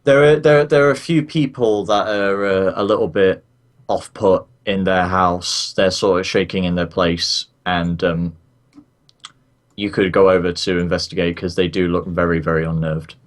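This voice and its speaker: A man running a tabletop game as game master, talking haltingly with many ums and restarts. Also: low-pitched, fairly even intonation.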